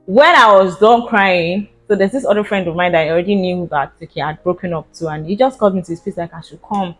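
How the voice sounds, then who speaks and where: A young woman with a Nigerian English accent, telling a personal story in a casual vlog, animated and laughing often, with Pidgin slang. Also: lowish voice, a little fast, soft background music. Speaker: vlogger.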